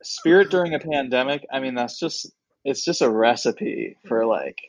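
A comedian guest tells a lively, animated story in casual chat, acting out other people's lines by slipping into their voices. His middle-pitched voice moves at a normal speed, and the sound is dry and close with no room echo.

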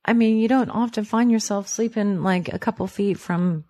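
A woman's voice: mid-range voice, normal speed, warm tone, a little hiss or hum. A woman in her forties in casual chat, blunt and teasing, laughing often and swearing. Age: 40s.

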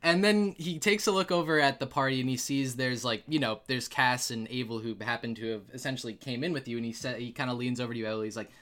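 Bright-voiced young man, game master. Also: mid-range voice, fairly even intonation, fast talker, hardly any pauses. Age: young adult. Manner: casual, many fillers and restarts, laughs often. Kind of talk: narrating a tabletop game.

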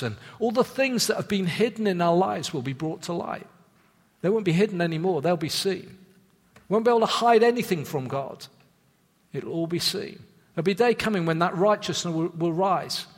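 A man preaching a sermon in an earnest, measured way, dropping low for emphasis and repeating words as he restarts thoughts. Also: a bit bright. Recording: long reverb of a church hall.

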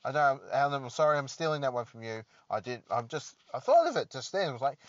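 A man's voice: medium pitch, big pitch swings, quick pace, no echo. A man hosting a solo podcast, rambling and joking in a self-deprecating way. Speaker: podcast host. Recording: dull lo-fi dry recording.

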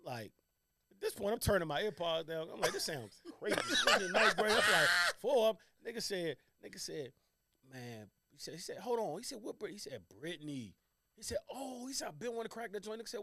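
A young man on a podcast telling a long, slangy story among friends, rambling and quoting others in quick bursts. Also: fairly high pitch, fairly bright tone. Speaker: podcast co-host.

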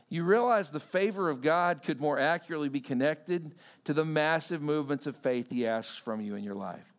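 A middle-aged man preaching a sermon, telling stories and swinging from hushed, near-whispered passages to shouted ones. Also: on the high side, animated, fairly quick, few pauses. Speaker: pastor.

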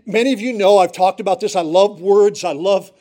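A man's voice: high-pitched, a little fast, dark tone. A middle-aged male pastor preaching a sermon in church, earnest and pleading, repeating words for emphasis.

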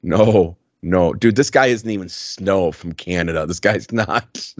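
A man's voice: deep voice, slow pace, no echo, dull audio. A man co-hosting a podcast in casual chat, blunt, profane and mocking as he reviews an album. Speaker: podcast co-host.

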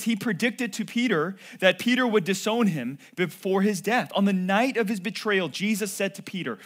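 A male pastor preaching with a fairly high voice. He builds to loud, emphatic peaks, then drops to a near hush. He speaks straight to his listeners. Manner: dynamic preaching, swings from loud emphatic to hushed. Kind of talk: sermon.

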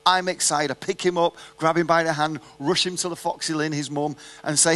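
A man's voice: on the high side, steady tone, a little fast, hardly any pauses, fairly bright tone. A man preaching a sermon, telling a personal story and asking the audience rhetorical questions in a conversational way.

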